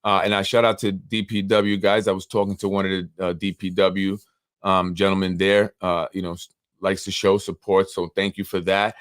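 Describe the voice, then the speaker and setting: A man's voice: deep voice, level tone, moderate pace, no room sound, studio quality. A man with a New York accent hosting a local politics show, telling stories in a rambling, casual way full of fillers. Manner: rambling storytelling, many fillers. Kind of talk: casual live-stream commentary.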